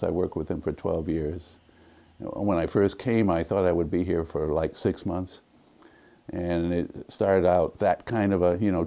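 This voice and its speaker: A man's voice: low voice, vocal fry, mellow, lo-fi sound. A man in his seventies, an almanac editor, telling folksy anecdotes in a documentary interview, with plenty of fillers. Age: 70s.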